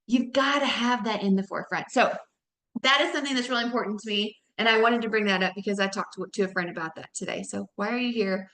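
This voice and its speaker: Upbeat woman in her 30s pepping up her sales team, says y'all a lot, voice leaps up when excited, echoey room. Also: fast talker, a little hiss or hum. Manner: energetic, addresses the audience as y'all, pitch jumps up when excited. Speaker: network marketing team leader. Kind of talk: motivational team training talk.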